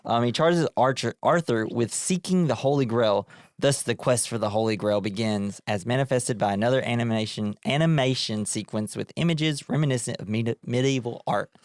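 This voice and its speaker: A man's voice: mid-range voice, brisk, no echo. Dry-voiced man recapping a movie. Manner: laughs often while recapping scenes. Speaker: podcast co-host. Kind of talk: casual movie recap chat.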